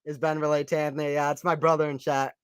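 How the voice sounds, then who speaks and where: A man doing casual live play-by-play commentary on a stream, chatty and quick to laugh while he reads viewer messages aloud. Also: a little high, level tone, clear, resonant tone, dry recording.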